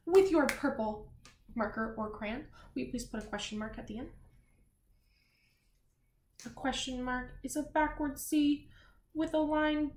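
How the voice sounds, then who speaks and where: A woman teacher giving a children's word lesson, slowly spelling and reading words aloud and giving gentle drawing instructions. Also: on the high side. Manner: slow, gentle classroom instruction with spelled-out letters. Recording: echoey room with faint noise.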